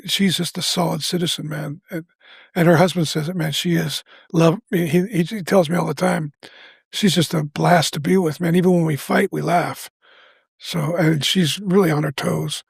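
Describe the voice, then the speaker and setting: Gravelly, husky older man telling a story. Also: fairly high pitch, no echo. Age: 70s. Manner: earnest, restarts often, acts out quoted lines. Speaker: guest. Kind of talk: candid storytelling in a podcast interview.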